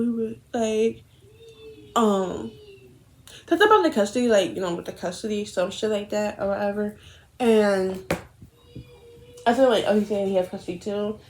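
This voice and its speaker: While putting on her makeup, a young woman tells a rambling, animated story, cursing often and correcting herself along the way. Her voice sits in the mid range at a normal speed, broken by long pauses.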